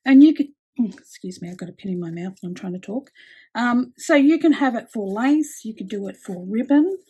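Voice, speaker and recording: A woman's voice: on the high side, animated, fairly quick, dark tone, husky. A woman chatting casually with lots of fillers while she demonstrates a craft project with her hands. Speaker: craft tutorial host.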